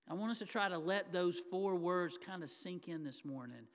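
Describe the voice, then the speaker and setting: A high-pitched man preaches at a normal speed with few pauses, addressing the congregation in a church sanctuary as their pastor. His sermon is conversational, and he acts out the lines he quotes. There's a long reverb from the hall.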